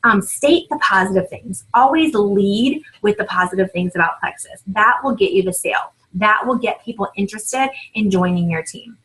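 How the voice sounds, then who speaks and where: A woman in her thirties giving an upbeat coaching talk to new sellers, with frequent "right?" and "um", acting out sample sales pitches. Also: lively intonation, moderate pace, hardly any pauses, fairly bright tone, rough recording. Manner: upbeat, repeats points with "right?" and "um". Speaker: team leader training new sellers.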